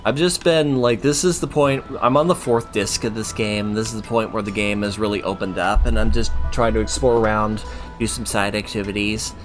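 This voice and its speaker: A man's voice: lowish voice, fairly even intonation, moderate pace, faint music behind. A man streaming a game, chatting casually and reading its story text aloud.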